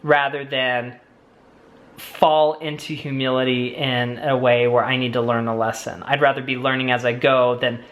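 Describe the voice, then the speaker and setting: A man's voice: medium pitch, little pitch movement, normal speed, fairly bright tone. A young man co-hosting a family vlog Q&A, chatting eagerly with rambling asides and restarts. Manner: enthusiastic, rambling, lots of fillers and restarts. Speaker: vlogger co-host. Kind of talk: casual Q&A chat.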